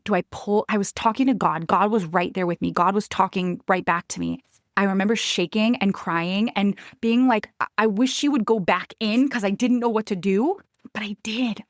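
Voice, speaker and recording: A woman in her thirties hosts a podcast and tells a personal story in her own voice. Her tone is emphatic and confiding, and she talks straight to her listeners. Her pitch sits mid-range and the audio is close and dry. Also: no room sound. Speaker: podcast host.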